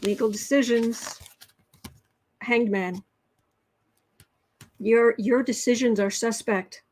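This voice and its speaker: A woman's voice: on the high side, steady tone, slow pace, darkish tone, a little hiss or hum, low-quality recording. Chatty woman reading tarot live. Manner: chatty, reads viewer comments aloud, frequent laughs and restarts. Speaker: tarot livestream host. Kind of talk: casual livestream tarot reading.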